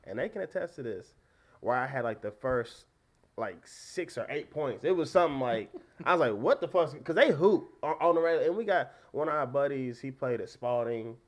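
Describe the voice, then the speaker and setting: A young American man in his twenties, a guest telling stories in casual chat, animated and laughing often, swinging between loud and soft. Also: mid-range voice, fairly quick. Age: 20s. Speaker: podcast guest, DJ.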